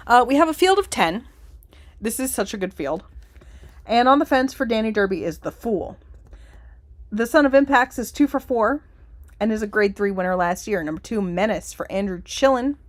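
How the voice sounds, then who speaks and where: A woman's voice: medium pitch, no echo. A woman hosting a show and calling horse races, rattling off the running order of the field, chatting and joking between races. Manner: rapid running call of horse positions. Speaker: race caller and show host. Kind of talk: horse race commentary.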